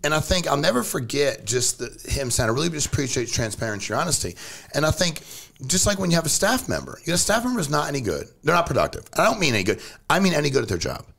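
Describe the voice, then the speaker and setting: Straight-talking guy on a podcast, lively voice that jumps up when he gets fired up. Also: fast talker, creaky. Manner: blunt, animated, jumps pitch for emphasis. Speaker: company CEO, podcast guest. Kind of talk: casual storytelling chat.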